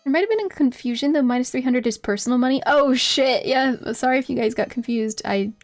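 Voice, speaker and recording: A woman's voice: sits high, fairly quick, no room sound, faint music behind. A young woman streaming a game, reading its text aloud and chatting playfully with a giggly manner. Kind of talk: casual game stream commentary.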